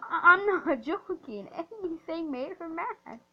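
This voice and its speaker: A woman telling a rambling, excitable story while playing a game, often restarting her sentences. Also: very high-pitched, slow, muffled recording. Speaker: gaming storyteller. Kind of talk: storytime over gameplay.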